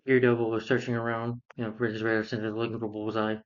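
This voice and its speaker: A man's voice: on the low side, level tone, quick pace. A man recapping a film plot in a casual, rambling way, with many fillers and restarts. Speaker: film reviewer. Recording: dull lo-fi sound.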